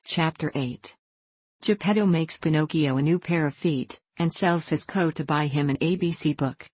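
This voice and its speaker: A woman narrating a children's storybook in a steady, measured reading voice. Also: low voice, slightly rough, no echo. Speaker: audiobook narrator.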